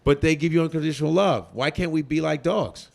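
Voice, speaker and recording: A male comedian in a casual interview, ranting in a profane, animated way. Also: fairly high pitch, brisk, vocal fry. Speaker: comedian guest.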